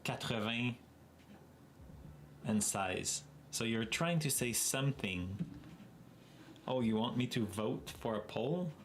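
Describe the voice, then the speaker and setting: Québécois male streamer, native French speaker, unhurried delivery, laughs often as he chats with his viewers. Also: medium pitch, lively intonation, slight background noise. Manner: chatty, laughs often, answers chat. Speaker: livestream host. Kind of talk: casual livestream chat.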